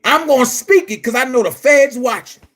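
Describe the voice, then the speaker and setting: Brief: man, very high voice, angry profane commentary rant, frequent shouting, blunt and repetitive. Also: normal speed. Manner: blunt and emphatic, repeats phrases. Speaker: online commentary host. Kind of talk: heated vlog rant.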